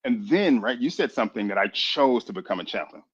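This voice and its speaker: A man in his fifties from Boston, a military chaplain telling his story as a radio interview guest, lively and full of acted-out dialogue. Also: on the low side, brisk, slightly rough. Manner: animated, lively storyteller who acts out dialogue. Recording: dull lo-fi radio audio.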